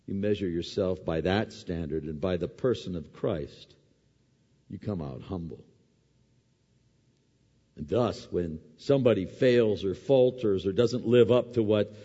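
Man in the pulpit with a mellow, slightly husky low voice, preaching in a chatty way with emphatic swells, recorded dull in an echoing hall. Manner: conversational preaching, rising to emphatic peaks, then dropping to soft asides. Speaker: pastor. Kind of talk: sermon. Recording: dull lo-fi sound with long hall reverb.

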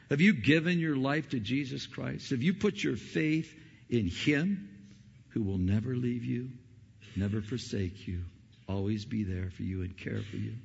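A male pastor preaching an impassioned Christmas sermon, swinging between loud questions and low, soft appeals. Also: creaky, slightly rough. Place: church sanctuary. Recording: dull, hall reverb.

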